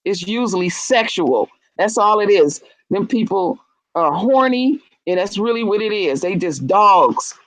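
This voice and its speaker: A woman, chatting casually on a live stream, animated and blunt, acting out quotes with big jumps in pitch. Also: unhurried, no echo, poor audio. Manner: blunt and profane. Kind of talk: casual chat.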